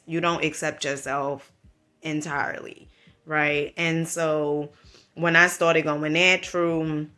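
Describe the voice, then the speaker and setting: A woman's voice: low-pitched, sharp tone. A woman with a Southern US accent giving a motivational talk to the camera, emphatic and preachy, calling the listener honey and checking in with "right?" and "okay?". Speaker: vlogger.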